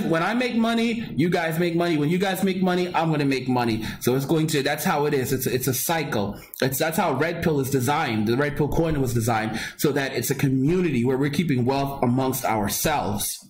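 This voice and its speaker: A man's voice: fairly high pitch, fairly quick, slight background noise. A man hosting a casual live stream, rambling and repeating himself as he chats with viewers and reads their comments. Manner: rambling and repetitive, with frequent restarts and laughs. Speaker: livestream host.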